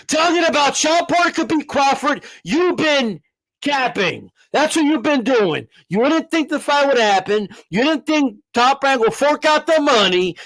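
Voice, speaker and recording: A man's voice: very high voice, fairly bright tone, dry recording. A man hosting a boxing livestream, ranting in a brash, profane, emphatic way and repeating himself for effect. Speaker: boxing channel host. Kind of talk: livestream rant.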